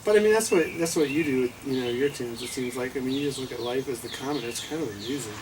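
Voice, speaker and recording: A man in casual chat, animated and teasing, with lots of you knows. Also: medium pitch, fast, far from the mic, noisy background. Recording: roomy sound with music behind.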